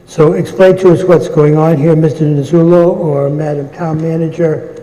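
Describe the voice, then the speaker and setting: A man moderating a town meeting, calling articles and votes in a brisk, procedural way with light asides. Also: a little high, steady tone, warm tone. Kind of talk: running a public meeting. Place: large meeting hall. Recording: echoey hall with long reverb.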